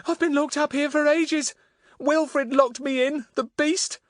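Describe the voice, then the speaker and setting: A man reading an audiobook, voicing a frightened, tearful young girl with a high, trembling, pleading voice. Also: fairly even intonation, a little slow, dry recording, studio quality. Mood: distressed. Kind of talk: audiobook character voice.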